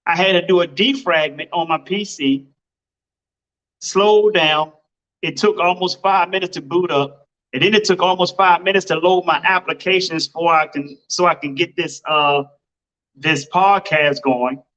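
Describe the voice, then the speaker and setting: Man, podcast host, high voice, emphatic casual talk, slightly dull lo-fi sound. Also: measured pace. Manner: animated, emphatic, exclaiming. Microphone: home computer setup microphone.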